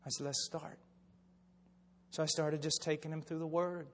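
A man's voice: level tone, moderate pace. Older man preaching in a reverberant hall. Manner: swings from low, quiet storytelling to loud, shouted preaching. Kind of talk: sermon with storytelling.

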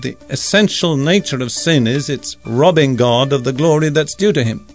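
A man preaching a sermon, teaching from scripture in an emphatic, measured way. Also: medium pitch, soft background music.

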